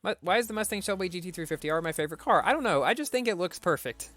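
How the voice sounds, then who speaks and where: A man's voice: high voice, lively intonation, racing, fairly bright tone, soft background music. A man streaming a racing game, reading viewer questions aloud and answering them briefly in a casual tone.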